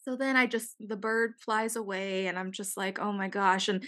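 A young woman co-hosting a podcast, telling a story in an animated way, swearing freely and acting out what people said. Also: mid-range voice, normal speed. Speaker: podcast co-host. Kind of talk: casual chat.

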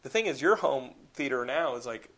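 A young man hosting a podcast in casual chat. He is excitable, swears and says "like" a lot. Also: mid-range voice, a little fast. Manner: excitable, profane, heavy use of "like". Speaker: podcast host.

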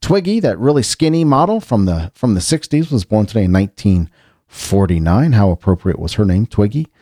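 A man's voice: lowish voice, big pitch swings, brisk, dark tone, no echo, studio quality. A man hosting a casual solo show, chatting in a rambling way with frequent restarts and asides. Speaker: podcast host.

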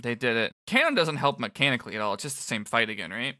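A man co-hosting a casual chat recapping a video game, animated and laughing often. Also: mid-range voice, quick pace, no room sound, studio quality. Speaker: podcast co-host.

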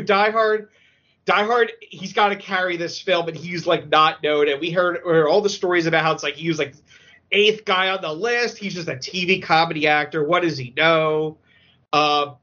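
A man chatting on a podcast, an emotional, excitable storyteller who talks with many fillers. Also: on the high side. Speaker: podcast guest. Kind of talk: casual podcast chat. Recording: dull lo-fi audio.

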